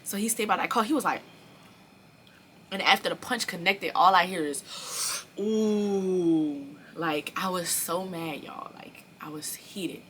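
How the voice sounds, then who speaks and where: Young woman vlogger, fairly low voice with a forceful, bright edge, telling a profane storytime straight to camera. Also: moderate pace, a little hiss or hum. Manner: animated, profane storytelling that speaks straight to viewers. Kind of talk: storytime vlog.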